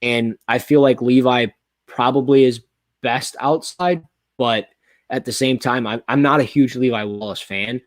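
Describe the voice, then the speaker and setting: A man hosting a football podcast talks in a loose, rambling way. He gets excited and restarts his sentences often. His voice sits at an ordinary middle pitch, and it is recorded close and dry with almost no room sound. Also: measured pace, no echo. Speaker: podcast host. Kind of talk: casual sports chat.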